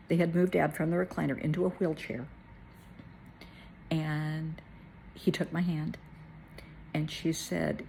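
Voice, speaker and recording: A middle-aged woman, a therapist, telling a personal story in a soft, tearful way that at times falls to a whisper. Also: deep voice, little pitch movement, measured pace, gravelly, long pauses, a little hiss or hum. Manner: tearful, soft-spoken, drops to a whisper at moments.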